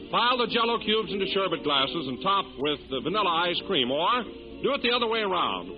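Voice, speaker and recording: A male announcer giving scripted narration and an upbeat commercial read on a muffled 1930s radio broadcast. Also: fairly high pitch. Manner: smooth, upbeat selling.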